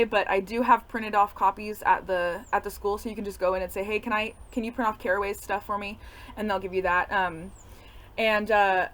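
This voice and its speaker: A woman's voice: medium pitch, fairly bright tone. A young adult woman teacher giving a casual, rambling class update full of fillers. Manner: chatty, rambling with many fillers.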